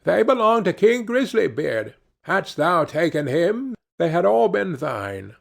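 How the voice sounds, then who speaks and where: A blunt, plain-spoken travelling fiddler from a storybook, voiced by a man. His voice is gravelly and husky. He speaks slowly, with plenty of rise and fall. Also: high-pitched, big pitch swings, pitched above the performer's own voice, exaggerated voice.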